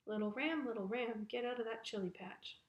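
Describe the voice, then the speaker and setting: A cocky dog brags about chasing off the ram in a storybook tale, as a woman storyteller voices him. The voice is slightly high, with a roomy echo. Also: a little fast, muffled recording, close to an everyday voice. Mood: boastful. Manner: confident. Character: confident boastful male dog.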